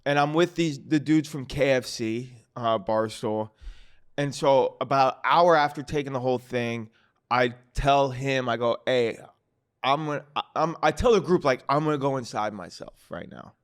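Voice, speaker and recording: A man, a guest comedian, telling stories in a casual, animated and profane way on a podcast. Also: mid-range voice, normal speed, smooth. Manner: animated, profane storyteller acting out quotes. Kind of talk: casual storytelling. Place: podcast studio.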